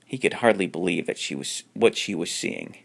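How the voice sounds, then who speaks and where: A man reads a homemade spooky story in a deep, gravelly voice. He trips over words and restarts lines as he goes. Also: lively intonation, normal speed, a bit bright. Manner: unpolished reading with frequent restarts; jumps up in pitch for characters' lines. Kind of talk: reading a homemade horror story aloud.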